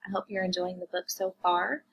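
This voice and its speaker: A woman teacher reviewing vocabulary and phonics with young children, sounding words out slowly and asking them questions. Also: lowish voice, level tone, fairly bright tone, breathy edge, rough recording. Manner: slow, drawn-out phonics sounding-out, addressing kids.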